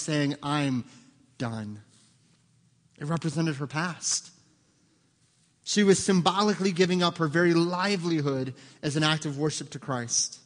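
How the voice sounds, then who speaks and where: A man preaching a sermon as pastor, earnest, asking rhetorical questions and acting out the voices he quotes. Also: on the high side. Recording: long hall reverb.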